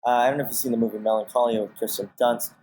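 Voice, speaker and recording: A man's voice: medium pitch, very fast, breathy edge, poor audio. Man rambling with lots of fillers. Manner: rambling, heavy on fillers and restarts; animated, acts out his own reactions. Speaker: podcast guest, casting director and manager. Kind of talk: casual conversational interview.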